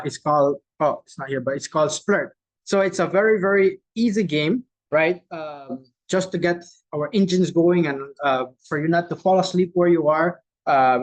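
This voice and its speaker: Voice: medium pitch, low-quality recording. Chatty virtual game host asking "right?". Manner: tags many lines with "right?", loose and chatty; repeats each clue slowly, reading out answers from the chat. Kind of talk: casual hosting of a chat quiz game. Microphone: video call.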